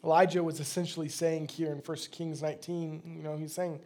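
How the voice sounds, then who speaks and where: A man's voice: fairly high pitch, flat delivery, a little fast, hardly any pauses, dark tone. A man, a pastor, delivering a sermon in a conversational, plain-spoken way.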